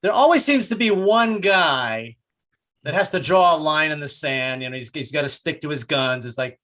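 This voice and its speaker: Bright-voiced older stand-up comic. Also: male voice, fairly high pitch, lively intonation, normal speed. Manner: rambling, self-deprecating, many restarts. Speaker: stand-up comedian. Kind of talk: stand-up comedy set.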